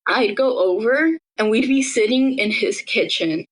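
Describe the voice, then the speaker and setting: A woman's voice: fairly high pitch, unhurried, poor audio. A young woman, a podcast interviewee, recounts her own experience in a casual, conversational way, often saying "like". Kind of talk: personal storytelling in an interview.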